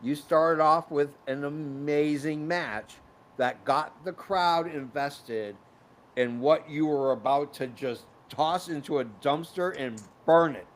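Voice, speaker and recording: A man's voice: on the high side, slow pace, a little hiss or hum. A man co-hosting a podcast in casual chat, blunt and scathing in his critique. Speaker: podcast co-host.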